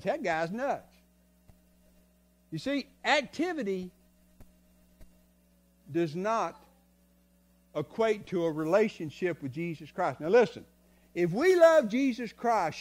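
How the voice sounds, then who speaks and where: An older man preaches from the pulpit in a folksy, story-driven way. His voice sits high for a man and swings from quiet, confiding asides to loud bursts. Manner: folksy, tells stories, swings from soft to loud. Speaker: guest preacher. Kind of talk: sermon. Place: church sanctuary.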